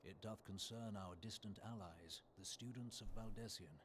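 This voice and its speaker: A man's voice: lowish voice, moderate pace, noisy background, natural voice. An actor voicing a formal male messenger in a game cutscene, delivering news in old-fashioned phrasing. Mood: grave. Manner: formal, archaic diction.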